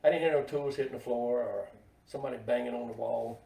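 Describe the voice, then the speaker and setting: A man's voice: medium pitch, fairly even intonation, creaky, mellow, distant mic. Laid-back man telling stories, echoey room. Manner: laid-back, plainspoken, drawn-out anecdotes. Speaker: guest, NASCAR team hauler driver. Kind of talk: casual storytelling in a podcast chat. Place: podcast table in a room. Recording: echoey room, voice a bit off-mic.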